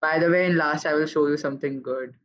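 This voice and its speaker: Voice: mid-range voice, fairly even intonation, fast, dull audio. A student casually explaining to his teacher why he was late to class. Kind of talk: answering a teacher on a video call.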